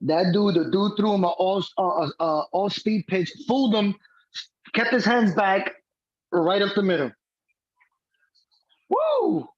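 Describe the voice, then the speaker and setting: A man co-hosting a live baseball watch-along chat. He gets excited and often stumbles and repeats his words. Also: high voice, moderate pace, dull audio. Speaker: co-host.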